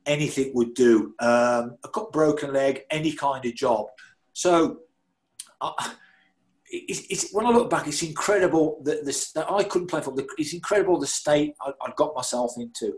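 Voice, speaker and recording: A man tells his own story in a candid, blunt way. His voice sits a little high, and he laughs at himself and swears freely. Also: normal speed, poor audio. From Birmingham, England. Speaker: former footballer telling his story.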